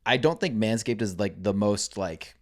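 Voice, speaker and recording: Animated young man telling stories. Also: fairly low pitch, normal speed. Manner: animated storyteller, acts out quoted voices. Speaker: podcast guest, content creator. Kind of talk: casual chat.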